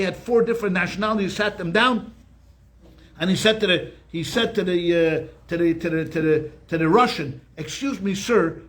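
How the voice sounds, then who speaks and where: A rabbi giving a weekly Torah class, telling jokes and stories in a chatty way, often checking in with "okay?" and restarting his sentences. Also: high voice. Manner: chatty storyteller, keeps asking "okay?"; frequent restarts and repeated words.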